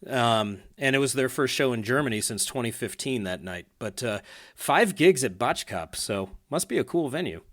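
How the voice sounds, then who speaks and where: A man's voice: mid-range voice, lively intonation, moderate pace, fairly bright tone. Chatty male podcast host. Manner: chatty, laughs easily, many fillers and restarts. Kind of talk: casual podcast chat.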